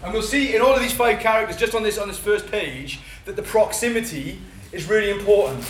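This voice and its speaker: A Welsh man teaching a church training session, talking fast and excitedly with many fillers and restarts. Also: sits high, a little hiss or hum. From Wales. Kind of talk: teaching talk at a workshop. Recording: echoey room, mic at a distance.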